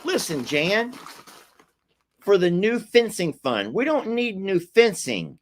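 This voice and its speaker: A man's voice: high voice, sing-song, takes it slowly, a little hiss or hum. Man, livestream host, chatty, giggly, rambling, talking to camera at home. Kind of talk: casual live-stream chat. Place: home, indoors.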